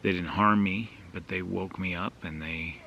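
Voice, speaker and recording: A deep-voiced man with a gravelly edge casually spins a rambling anecdote to his camera, full of fillers and self-deprecating asides. He talks outdoors at a campsite with faint ambient sound around him. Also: steady tone, normal speed, highs cut off, slight background noise. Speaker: outdoor vlogger.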